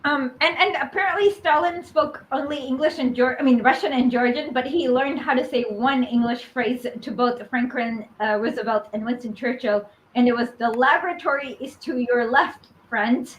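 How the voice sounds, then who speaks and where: A woman's voice: high voice, fairly even intonation, normal speed, hardly any pauses, slight background noise, poor audio. A woman co-hosting a podcast in casual chat, with frequent laughter and hesitant fillers. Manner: chatty, laughs often, many fillers and restarts. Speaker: podcast co-host. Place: living in Russia.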